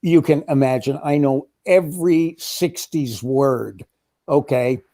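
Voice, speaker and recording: A man in a casual political chat, talking in a wry, measured, sardonic way. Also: fairly high pitch, mellow. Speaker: co-host.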